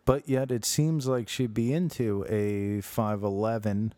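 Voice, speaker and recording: A man's voice: lowish voice, fairly even intonation, a little slow, warm tone, no echo. Dry-miked man ribbing his co-hosts. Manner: teasing, jokey, slips into mock voices. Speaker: co-host. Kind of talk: crude comedic banter.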